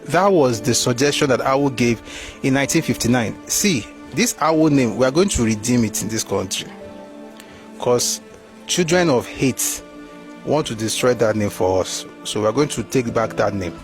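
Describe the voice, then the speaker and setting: A man with a Nigerian accent giving opinionated history commentary, animated and rhetorical, reading passages aloud. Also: mid-range voice, normal speed, faint music behind.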